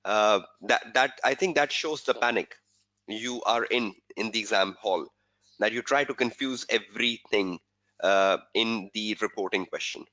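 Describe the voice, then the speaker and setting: Male tutor, webinar lecture, bright voice, muffled lo-fi sound, repeats himself. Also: fairly low pitch, measured pace. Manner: repetitive, quizzing rhetorical questions. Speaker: exam tutor. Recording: dull lo-fi webinar audio.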